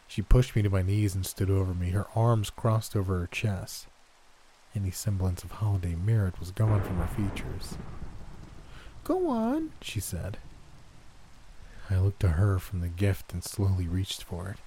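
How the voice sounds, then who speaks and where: Deep, dark-voiced man narrating horror. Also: level tone, slight background noise. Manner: slow, tense, dramatic reading. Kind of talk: scripted narration.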